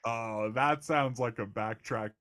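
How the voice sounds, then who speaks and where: A man's voice: mid-range voice, slow, a bit bright, dry recording, studio quality. Laughing young guy co-hosting a movie chat. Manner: laughs often, asks playful questions. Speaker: podcast co-host. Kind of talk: casual movie podcast chat.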